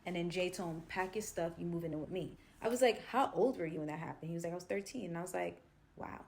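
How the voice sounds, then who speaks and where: A woman's voice: lowish voice, fast talker, vocal fry, slight background noise. A woman telling a personal story in a casual storytime style, acting out the other voices and using a lot of slang. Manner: animated, acts out quotes, slangy.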